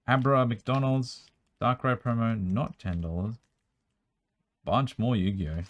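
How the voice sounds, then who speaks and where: A young man with a strained, worn-out voice, chatting quickly as he sorts through a card collection at home, with bursts of excitement. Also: mid-range voice. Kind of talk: casual running commentary while sorting cards. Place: room at home.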